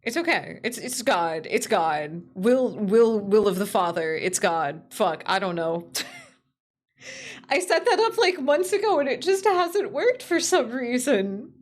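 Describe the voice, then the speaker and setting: Excitable, giggly woman streamer. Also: on the high side, slow pace. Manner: excitable, giggly, swears freely. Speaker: VTuber streamer. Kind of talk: casual live-stream chat.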